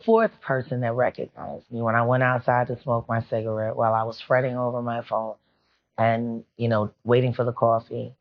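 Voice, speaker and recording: A woman's voice: rumbling low, flat delivery, moderate pace. A woman guest on a podcast, telling a personal story in a rambling, confiding, emotional way. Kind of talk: candid storytelling interview. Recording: muffled lo-fi sound.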